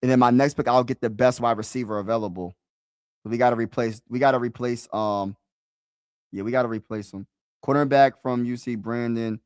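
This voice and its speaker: A man's voice: medium pitch, steady tone, fairly quick, clean tone, no echo, clean studio sound. Chatty man live-streaming to his chat. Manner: talks to chat, repeats himself, casual slang. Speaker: sports streamer.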